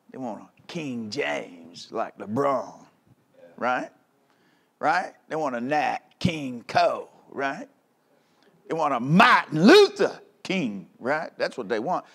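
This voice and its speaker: A male pastor preaching a fiery sermon, punctuating his points with calls for agreement and swinging between low rumbling asides and loud outbursts. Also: expressive, gravelly, breathy edge. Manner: emphatic preaching with frequent call-outs for agreement; reads old-style scripture aloud in measured tones.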